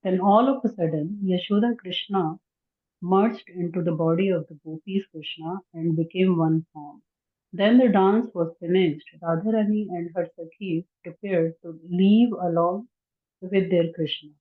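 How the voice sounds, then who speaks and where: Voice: mid-range voice, fairly even intonation, a little slow. A person carefully reading a devotional story aloud over a call. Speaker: reader in a devotional group. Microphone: phone or video call. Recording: tinny phone line.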